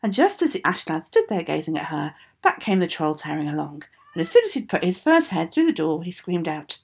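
Female storyteller, animated delivery, raspy low-edged fairy-tale read. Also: brisk. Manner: expressive, sing-song reading.

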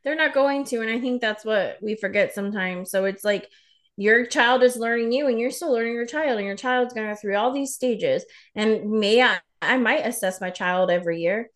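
A woman's voice: a little high, moderate pace, a bit bright. A woman in her thirties co-hosting a podcast, talking frankly and swearing freely as she animatedly retells parenting stories. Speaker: podcast co-host. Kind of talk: casual chat.

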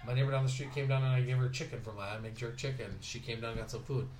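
A man from Southern California talking casually in his dining room, telling stories with lively impressions of other people. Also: medium pitch, quick pace, slight background noise. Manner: animated storytelling, mimics other people. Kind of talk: casual conversation. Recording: roomy home dining room.

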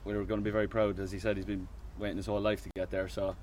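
A man's voice: lowish voice, level tone, very fast, a little mellow. A man speaking about a golfer he supports, proud and choked up. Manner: choked up and proud, laughing through it. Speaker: supporter speaking after the win. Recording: faint outdoor noise.

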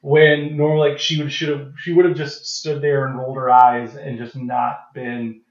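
A man co-hosting a casual podcast, relaxed and hesitant with lots of fillers. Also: medium pitch, normal speed. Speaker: podcast co-host. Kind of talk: casual chat. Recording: echoey, dull lo-fi sound.

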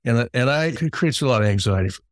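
A man's voice: mid-range voice, expressive, fast, no echo, clean studio sound. A middle-aged man hosting an interview who tells long stories and repeats words as he starts his sentences. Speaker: podcast host. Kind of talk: conversational storytelling.

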